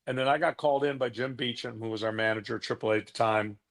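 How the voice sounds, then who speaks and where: A middle-aged man, a former pitcher, telling stories from his career in a casual interview, now and then acting out the voices of the people in them. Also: quick pace. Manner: relaxed, anecdotal, acts out quoted voices.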